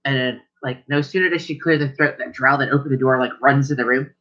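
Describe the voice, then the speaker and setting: Casual male game master narrating a tabletop session; bright tone on a dull lo-fi recording. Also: mid-range voice, steady tone, fast.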